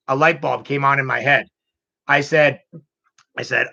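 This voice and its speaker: A man's voice: mid-range voice, steady tone, a little slow, gravelly, long pauses, sharp tone. A man hosting a casual vlog, telling a personal story in an emotional, rambling way and repeating himself. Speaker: channel host. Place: home computer room. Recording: dull lo-fi home recording.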